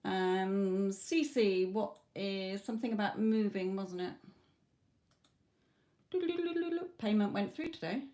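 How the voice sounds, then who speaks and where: A woman's voice: medium pitch, measured pace, few pauses, dark tone. A woman reading tarot on a live stream, close to a tablet mic, addressing viewers by name in a coaxing but firm way. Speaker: tarot reader. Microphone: tablet close to her mouth.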